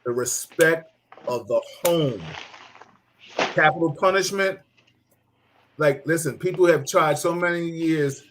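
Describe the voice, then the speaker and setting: A man's voice: fairly high pitch, takes it slowly, pauses often, a bit bright, slight background noise. A middle-aged man hosting a casual talk show, telling stories animatedly, laughing and mimicking people. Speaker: host.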